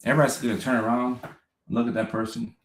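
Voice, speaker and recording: A man's voice: medium pitch, little pitch movement, fast, slight background noise. A young adult man hosting a casual livestream. He reads viewer comments, laughs often and repeats phrases. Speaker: host. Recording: roomy echo.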